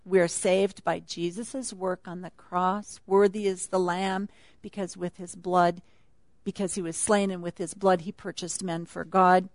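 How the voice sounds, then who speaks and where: A woman's voice: lowish voice, level tone, a little slow, no room sound. A woman speaking at a retreat, teaching a Bible passage in a chatty, laughing sermon style.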